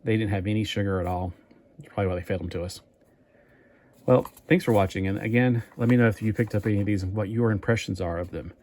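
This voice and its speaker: A man's voice: fairly low pitch, fast, a little mellow. A man chatting casually in a toy review vlog, rambling and thinking aloud as he goes.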